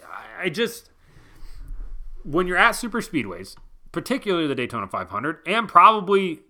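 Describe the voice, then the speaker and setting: A man's voice: sits high, very animated, normal speed, pushed and bright. A man giving casual, blunt racing commentary, exasperated and openly profane. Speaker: motorsport vlogger.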